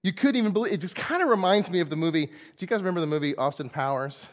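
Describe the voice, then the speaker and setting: A man preaching a sermon in a church, playful and animated, acting out the quotes in comic voices. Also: sits high, very fast. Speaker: pastor. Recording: long hall reverb.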